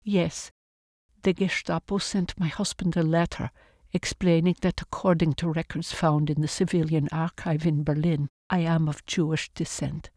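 A woman's voice: deep voice, flat delivery, normal speed, darkish tone, no room sound, studio quality. A reader voicing a poised refugee woman from Germany who gives formal, composed answers to officials.

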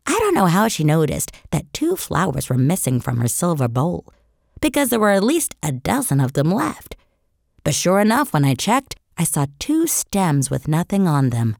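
A woman reads a children's story aloud in the first person, voicing a young boy telling his own tale. Her voice sits on the lower side but moves with animated, lively rises and falls. The sound is close and dry, with no room around it. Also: normal speed, gravelly, no echo. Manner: expressive storytelling. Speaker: audiobook narrator.

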